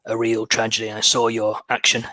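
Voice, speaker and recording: A man voicing an elderly, composed male aristocrat who speaks in a measured, gentlemanly way with slight hesitations. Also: lowish voice, monotone, dry recording.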